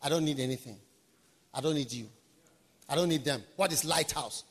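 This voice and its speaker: A man voicing a proud, dismissive man who scorns leaders, muttering low and scornfully. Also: moderate pace, husky.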